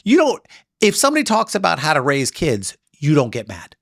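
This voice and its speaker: A middle-aged man co-hosting a casual talk show, telling stories with animated delivery and mimicking other people. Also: a little high, brisk, vocal fry, dry recording, clean studio sound. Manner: animated storytelling, mimics others in raised voices. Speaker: co-host. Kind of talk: casual chat.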